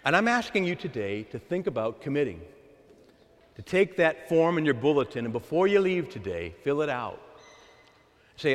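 A man preaching a sermon as a pastor, calling out to the congregation in an animated, call-and-response way. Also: fairly high pitch, moderate pace. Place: large church. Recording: echoey church hall with long reverb.

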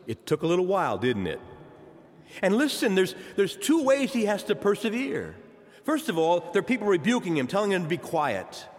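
A man preaching a sermon, addressing the congregation directly with impassioned delivery. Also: on the high side. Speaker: pastor. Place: church sanctuary. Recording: long church reverb.

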